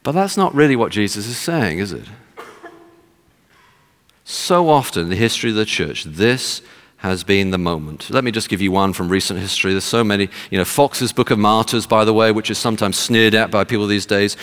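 A man's voice: lowish voice, brisk, fairly bright tone, in a large hall. A man preaching a sermon, emphatic and fond of rhetorical questions, speaking to a congregation.

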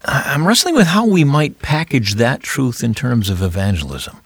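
Male host, husky lowish voice, dry close sound, thoughtful interviewer. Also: lively intonation, normal speed, a bit bright, no room sound. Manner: reflective, thoughtful questioning. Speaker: podcast host. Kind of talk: interview chat.

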